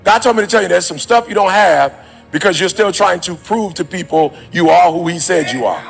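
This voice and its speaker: A man's voice: high-pitched, fairly quick, creaky, soft background music. A man giving an impassioned motivational speech with a preacher-like delivery. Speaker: motivational speaker.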